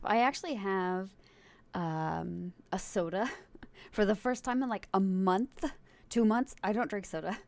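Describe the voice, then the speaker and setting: A young woman streaming, chatting casually with her viewers, giggling often and rambling from one thought to the next. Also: mid-range voice. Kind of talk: casual chat with live chat.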